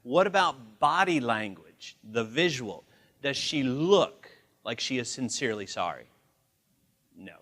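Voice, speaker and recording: In a large training room, a fortysomething man runs a live seminar on communication, speaking in an unhurried, mid-range voice. He's animated and acts out the voices of the people he quotes.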